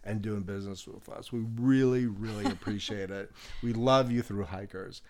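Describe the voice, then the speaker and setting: A man's voice: on the low side, fairly even intonation, normal speed, natural voice. A man doing a laid-back friendly bartender. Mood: reassuring. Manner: easygoing, reassuring.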